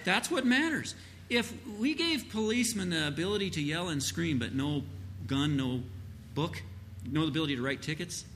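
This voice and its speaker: A man's voice: fairly high pitch, fairly bright tone, a little hiss or hum. A man giving an informal church talk on parenting, rambling with fillers and acting out quoted parents. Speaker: church speaker answering a question. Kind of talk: informal sermon-style teaching.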